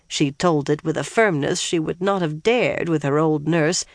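A steady audiobook narrator reads a fantasy novel with an even, unhurried delivery. The voice sits mid-pitch, neither high nor low. The booth is dead and dry, with no room echo.

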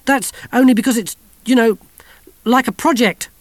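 A man's voice: high-pitched, very animated, moderate pace, dry recording, voice pushed up. A man voicing an insistent teenage girl. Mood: defensive. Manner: insistent, defensive.

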